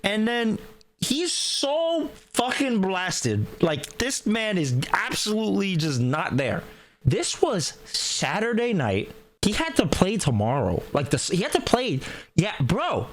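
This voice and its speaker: A man telling a wild story in casual chat, animated and profane, full of sound effects and swearing. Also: high voice, slow. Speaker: storyteller on a gaming chat show.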